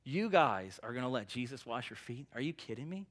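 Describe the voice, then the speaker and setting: A man preaching a sermon voices an impulsive, overconfident male apostle in a raised, excited, protesting tone. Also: mid-range voice, a little fast. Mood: boastful. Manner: excited, protesting, eager to pass the test.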